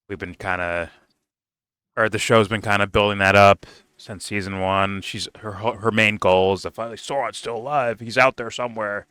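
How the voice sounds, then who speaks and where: A man with a low-pitched but bright, crisp voice talks through a TV episode in a loose, profane ramble. He stumbles, restarts and fills gaps as he goes. The sound is dry and close, with no room around it. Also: no echo. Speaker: TV show reviewer. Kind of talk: casual rambling review.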